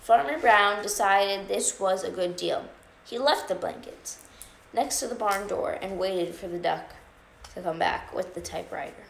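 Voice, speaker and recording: A woman reading a children's picture book aloud on a storytime livestream, expressive and playful. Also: mid-range voice, measured pace, gravelly. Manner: expressive read-aloud with funny animal sounds and asides. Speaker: storytime reader. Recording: echoey room, faint background noise.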